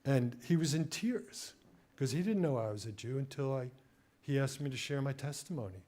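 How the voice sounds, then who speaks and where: A middle-aged man preaching as a guest speaker, telling his story with animated, acted-out quotes. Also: medium pitch, normal speed. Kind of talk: sermon.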